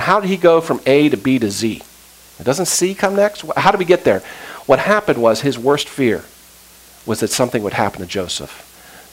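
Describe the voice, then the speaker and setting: A man preaches to his congregation, retelling an old story in his own words. His voice sits at an ordinary middle pitch. He slips into quick acted-out lines and casual asides as he talks. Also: slightly rough, rough recording. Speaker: pastor. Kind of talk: sermon.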